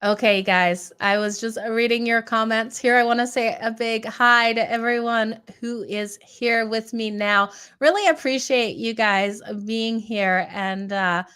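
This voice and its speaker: A woman hosting a sports betting podcast, her voice raspy and strained today, chatting through picks and calling her viewers "you guys". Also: fairly high pitch, unhurried, few pauses, sharp tone. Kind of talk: casual betting picks rundown.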